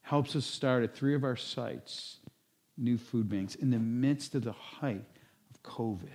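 A man's voice: mid-range voice, a little slow, darkish tone. A male pastor preaching a sermon in a conversational storytelling way, with asides to the congregation and acted-out quotes.

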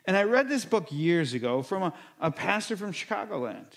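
A man's voice: a little fast, creaky. A middle-aged man preaching a sermon as a pastor, acting out people's reactions in bursts. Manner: animated, acts out quoted reactions with sudden high-pitched bursts.

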